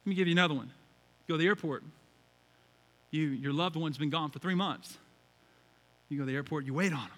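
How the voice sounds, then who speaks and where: High, bright-voiced preaching pastor. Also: male voice, moderate pace. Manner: animated preaching with shouts and acted-out quotes. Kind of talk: sermon. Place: large church hall. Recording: church hall reverb.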